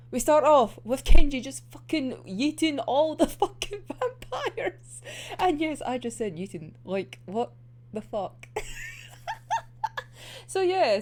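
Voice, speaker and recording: A woman's voice: a little high, darkish tone. A woman hosting a casual manga chapter review, laughing often and swearing freely as she gushes like a fan. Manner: giggly, laughs often between sentences; gushing fan enthusiasm.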